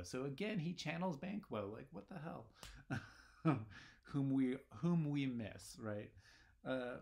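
A man's voice: mid-range voice, expressive, unhurried, creaky, darkish tone. A man giving a casual literature lecture, talking in a rambling, conversational way with many fillers. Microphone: recorded lecture video.

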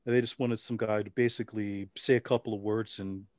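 A middle-aged man, an interview guest, telling his story in a relaxed, wry way with frequent restarts. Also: lowish voice, brisk, no room sound, clean studio sound.

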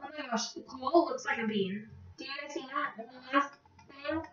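A woman's voice: high voice, normal speed, crowd noise. A woman giving casual, rambling gameplay commentary, easily startled and muttering to herself. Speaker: gameplay vlogger. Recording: roomy, distant, dull lo-fi recording.

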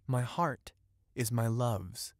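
A man's voice: mid-range voice, slow pace, no echo, studio quality. A man voicing an impassioned young fisherman in love, declaiming in old-fashioned speech. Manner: urgent, declaiming archaic speech.

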